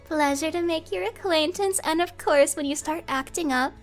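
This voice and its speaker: A woman's voice: very high voice, moderate pace, faint music behind. A young woman streaming in character, teasing and bossy like a playful commanding officer. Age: young adult. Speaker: VTuber streamer.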